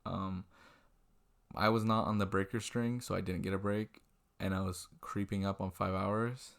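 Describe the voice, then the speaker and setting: A man's voice: sits low, level tone, normal speed, gravelly. A young man from Washington state telling a rambling, self-deprecating story about his restaurant shift, swearing freely, recorded on a webcam at night. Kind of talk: casual storytelling vlog. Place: indoors at a computer, late at night. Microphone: webcam mic.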